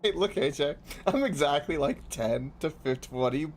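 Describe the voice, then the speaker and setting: A man hosting a gameplay video, chatting casually with friends, expressive and prone to exasperated, swearing rants. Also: fairly high pitch, measured pace, slight background noise. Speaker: gaming video host.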